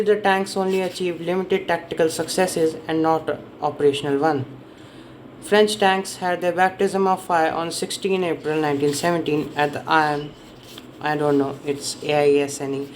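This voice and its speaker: A man's voice: fairly high pitch, a little hiss or hum, rough recording. Man casually summarizing a history book. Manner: rambling, self-correcting, stumbles over names. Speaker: book reviewer.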